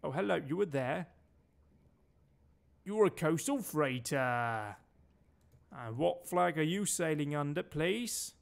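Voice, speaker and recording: A man's voice: on the high side, animated, slow, creaky, long pauses. A man from Denmark giving chatty, sweary commentary while streaming a game and barking orders at his crew. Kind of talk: casual gameplay commentary.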